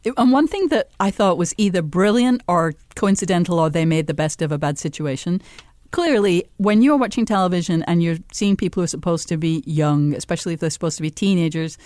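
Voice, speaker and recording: A woman's voice: lowish voice, expressive, brisk, darkish tone, no echo, studio quality. A woman co-hosting a podcast, giving wry, opinionated takes on a TV episode in casual chat. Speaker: podcast co-host.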